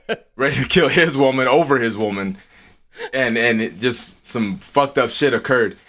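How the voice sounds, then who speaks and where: A man co-hosting a podcast, telling a story in casual, profanity-heavy talk, acting out quotes in a high voice. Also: moderate pace. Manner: swears a lot, animated, acts out quotes in a high voice. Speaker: podcast co-host. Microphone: earphones with mic.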